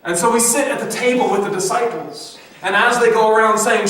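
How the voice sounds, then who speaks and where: A man's voice: sits high, a little fast, few pauses, a bit bright, distant mic, slight background noise. Preacher man in an echoey church hall. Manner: dramatic, acts out quoted voices. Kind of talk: sermon. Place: church sanctuary.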